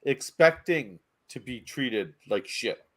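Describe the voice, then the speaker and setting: A man's voice: medium pitch, slow pace. A man co-hosting a podcast, telling travel stories in casual chat and swearing freely. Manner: animated storyteller, swears freely. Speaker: podcast co-host.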